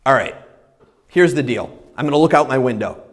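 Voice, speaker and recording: A man preaching a sermon, telling his own conversion story with animated delivery and quick restarts. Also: medium pitch. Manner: animated storytelling, acting out his own past panic and excitement; frequent self-interruptions and quick restarts. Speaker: pastor. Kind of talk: sermon with personal testimony.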